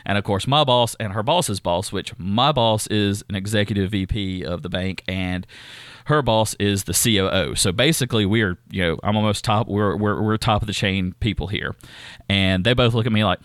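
A man's voice: fairly low pitch, normal speed, fairly bright tone, dry recording, studio quality. A man, co-hosting a casual podcast and telling a long story, rambling and restarting often. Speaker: podcast co-host. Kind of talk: casual chat.

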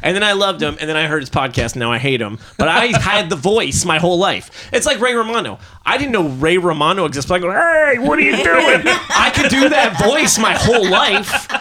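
A man's voice: big pitch swings, a little fast, hardly any pauses, bright, forceful tone. A man co-hosting a podcast, chatting casually, joking and laughing often, from New Jersey. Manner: jokey, laughing, slips into high put-on voices. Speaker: podcast co-host. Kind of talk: casual chat.

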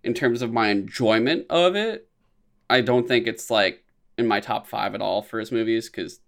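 A young man co-hosting a podcast in casual chat, rambling and swearing, his voice jumping high whenever he acts out a reaction. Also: moderate pace, creaky. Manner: rambling, animated, swears often, voice jumps high when quoting reactions. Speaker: podcast co-host.

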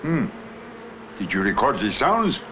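An old bee scientist, film clip. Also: male voice, medium pitch, very animated, very noisy. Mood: explaining. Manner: halting, explanatory, stilted foreign-sounding phrasing. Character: elderly male scientist decoding bee language. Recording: dull film clip audio with faint music.

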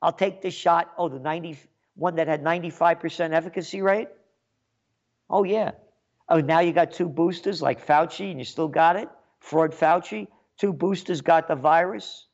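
The New York commentator's voice runs high and moves at a moderate pace, with lo-fi sound. He delivers a sarcastic, mocking rant, trading loud shots for muttered side remarks.

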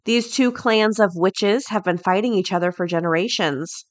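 A woman's voice: medium pitch, moderate pace. A middle-aged woman hosting a daily podcast, chatting off the cuff with frequent laughs and reading out headlines. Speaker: podcast host. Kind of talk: casual chat and reading headlines.

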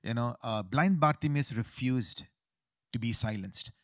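A middle-aged man earnestly telling his survival testimony, halting often with fillers and repeated words. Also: mid-range voice, no room sound, studio quality.

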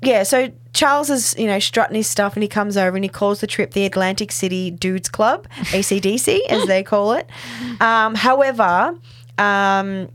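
A woman, recapping a TV episode in casual chat, full of "like" and "um" and quick laughs. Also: mid-range voice, fairly bright tone, dry recording. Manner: chatty, filler-heavy with frequent "like" and "um", laughs often. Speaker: podcast co-host.

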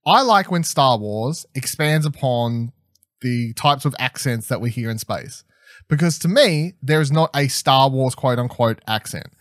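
A young podcast co-host reviewing a TV episode rambles enthusiastically in casual chat, restarting often and using lots of fillers. He speaks a little slowly in an expressive, slightly bright mid-range voice. It's studio quality with no echo.

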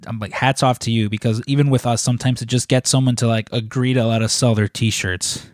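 A man chats casually and rambles as he tells his stories, with lots of filler words. His voice sits in a middle pitch. It is recorded close and dry, with no room sound. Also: fairly even intonation, fairly quick, dry recording. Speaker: wrestling merchandise shop employee asking questions. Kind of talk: casual chat.

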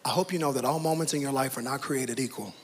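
A man preaching a sermon, dramatic, swinging from hushed to shouting. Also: mid-range voice, quick pace, a little hiss or hum. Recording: reverberant hall with faint ambience.

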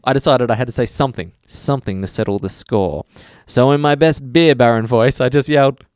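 A man's voice: mid-range voice, fairly quick, a little mellow, clean tone, no room sound, studio quality. A man co-hosting a podcast, reading listener mail in casual chat, laughing and swearing freely. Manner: laughs often, swears freely, slips into voices. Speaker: podcast co-host.

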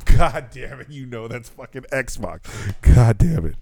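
Lively, joking young male podcast host. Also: mid-range voice, measured pace, vocal fry. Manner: joking, profane, laughs often. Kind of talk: casual podcast chat.

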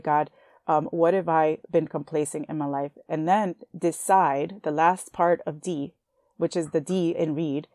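A young woman hosting a Christian podcast, talking earnestly and warmly to her listeners as sisters, at times emotional. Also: on the low side, no room sound, studio quality. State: emotional, near tears. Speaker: podcast host. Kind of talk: faith podcast encouragement.

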